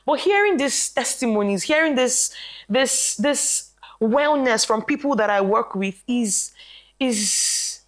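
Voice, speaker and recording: On a panel show, a woman who works as a health practitioner tells animated stories about her clients, acting out their lines and quoting them. Her voice sits on the high side and she takes her time. The talk is casual.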